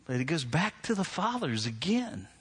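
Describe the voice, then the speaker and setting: Husky-voiced man in his forties preaching. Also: fairly high pitch, big pitch swings, moderate pace. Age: 40s. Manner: storytelling, acts out his own anger in loud bursts. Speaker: pastor. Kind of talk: sermon. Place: church.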